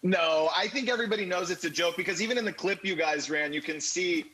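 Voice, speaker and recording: A man's voice: sits high, fast, bright, forceful tone, a little hiss or hum, poor audio. An actor, a man, joining by video call, talking in a bubbly, self-deprecating way and laughing often. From United States. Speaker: actor, interview guest.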